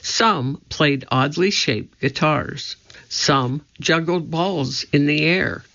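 A man reading a children's story aloud in a steady, scripted narration. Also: fairly high pitch, slow pace, gravelly. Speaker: audiobook narrator. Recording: slightly dull lo-fi audio.

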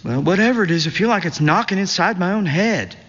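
A man voicing a tired, wary grown man who speaks in gruff, clipped remarks, pitched a little above his own voice. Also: lively intonation, fairly quick, fairly bright tone. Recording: dull recording with long reverb.

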